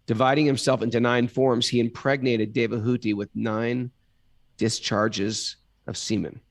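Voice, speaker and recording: A man's voice: medium pitch, flat delivery, unhurried, no room sound, clean studio sound. A man reading scripture aloud as a podcast co-host, stopping now and then to ask puzzled questions about the text. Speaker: reader and co-host.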